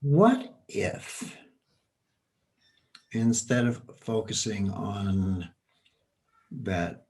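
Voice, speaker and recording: A man leading a guided coaching exercise on a video call, gently repeating his prompts. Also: fairly low pitch, very slow, long pauses. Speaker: healing facilitator.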